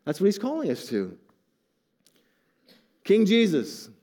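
An older man preaching a sermon to his congregation, animated and joking with asides. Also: high voice, slow, long reverb tail. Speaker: pastor.

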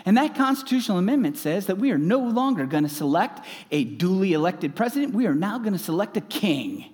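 A man delivers a sermon from the pulpit. His voice sits high and moves through a wide, lively range. He sinks into quiet, low stretches and then bursts into loud, emphatic exclamations. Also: a little fast, in a large hall. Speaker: pastor.

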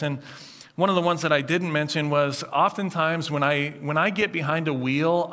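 Bright-voiced male pastor storytelling. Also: a little high. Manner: storytelling, animated retelling. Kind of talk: sermon.

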